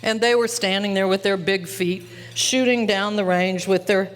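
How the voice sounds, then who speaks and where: A woman's voice: medium pitch, moderate pace. A woman in her seventies from Utah, telling folksy stories in a keynote speech. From Utah, USA. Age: 70s. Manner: folksy, animated storytelling. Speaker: keynote speaker. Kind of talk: storytelling speech. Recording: live hall with faint clatter.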